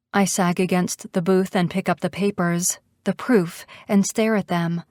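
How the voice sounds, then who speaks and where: A woman narrating a first-person romance audiobook in an expressive, intimate way. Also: fairly low pitch, unhurried, hardly any pauses, no echo, clean studio sound.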